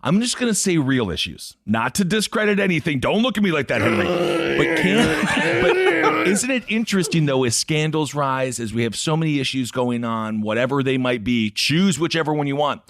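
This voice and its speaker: A man's voice: mid-range voice, lively intonation, fairly quick, few pauses, fairly bright tone, dry recording, clean studio sound. A man co-hosting a podcast in casual chat, rambling through his points and joking around. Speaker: podcast co-host.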